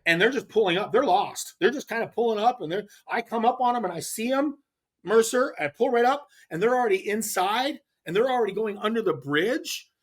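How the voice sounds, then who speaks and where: Middle-aged man, podcast guest, tells stories with lots of pitch swing, laughs, restarts. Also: a little fast. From US West Coast. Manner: lively, laughing, repeats words when excited. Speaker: podcast guest, pro angler. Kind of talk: animated storytelling in casual chat.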